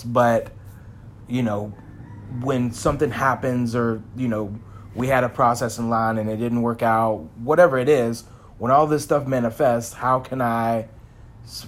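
A man who works in sales, talking candidly in a reflective vlog, searching for his words with many restarts. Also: mid-range voice. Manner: rambling, searching, frequent restarts; candid, self-examining. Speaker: vlogger in sales.

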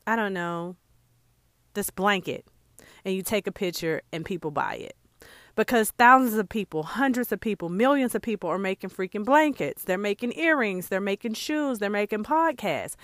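A woman's voice: mid-range voice, fairly bright tone, dry recording. Chatty woman podcaster, dry close sound. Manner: chatty, conversational, many asides to listeners; earnest and heartfelt. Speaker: podcast host and jewelry maker. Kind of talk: casual solo podcast talk.

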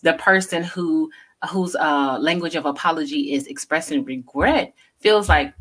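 A woman's voice: low-pitched, unhurried, fairly bright tone. A woman co-hosting a casual talk show, explaining things earnestly and often saying "you know". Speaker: co-host.

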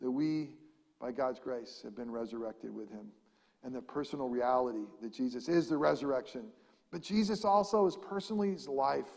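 Impassioned preacher in a reverberant hall. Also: male voice, mid-range voice, normal speed, gravelly, darkish tone. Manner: impassioned, repetitive rhetorical questions, builds to emphatic peaks. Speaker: pastor. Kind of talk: sermon.

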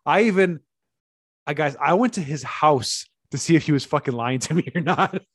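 A man's voice: a little high, moderate pace, breathy edge, dry recording, studio quality. A man co-hosting a podcast in casual chat, blunt, cursing freely and laughing between his points. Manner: blunt, swears freely, laughs mid-sentence. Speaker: podcast co-host.

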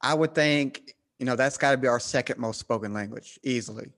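A man with a Southern American drawl hosts a relaxed conversation. He talks with animated energy and laughs easily. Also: medium pitch, brisk. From United States. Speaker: podcast host. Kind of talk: casual chat.

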